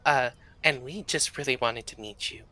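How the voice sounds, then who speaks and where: A man's voice: mid-range voice, normal speed, sharp tone, close to an everyday voice. A man voicing an eager young woman adventurer who is a starstruck fan, speaking in a gushing rush.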